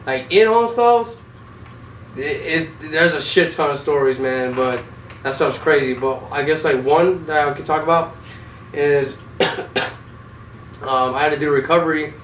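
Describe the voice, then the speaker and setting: A man's voice: a little high, measured pace, long pauses, a bit bright. A young man, an Army vehicle driver, telling war stories casually with heavy swearing, in an echoey room. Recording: echoey room, distant mic, faint noise.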